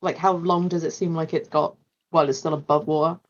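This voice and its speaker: A woman's voice: deep voice, steady tone, brisk. A woman playing a tabletop game, blunt and cheerful, swearing often. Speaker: player. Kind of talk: casual tabletop game chat. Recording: slightly dull lo-fi mic.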